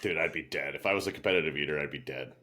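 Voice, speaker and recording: A man's voice: a bass voice, fast talker, a little hiss or hum. A young adult man co-hosting a podcast, telling a story in casual chat and laughing through it. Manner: animated storyteller, laughs through his anecdotes. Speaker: podcast co-host.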